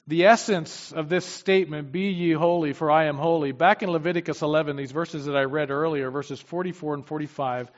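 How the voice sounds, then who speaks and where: A man preaching a sermon with emphasis, swinging from loud declarations to quiet asides. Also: on the high side. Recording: dull, long-reverb hall sound.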